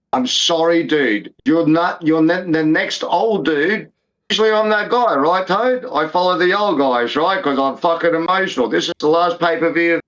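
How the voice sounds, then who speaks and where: Slightly high and a bit bright, this fifty-something man's voice carries casual sports banter as co-host of a fight podcast. He talks in repetitive, emphatic bursts and swears without restraint, all on a dull lo-fi recording.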